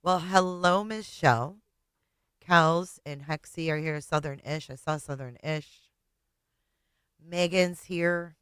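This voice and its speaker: A woman hosting a livestream and talking casually to her viewers, tearful, halting and often trailing off quietly. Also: low-pitched, clean tone, dry recording. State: tearful, voice breaking. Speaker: livestream host.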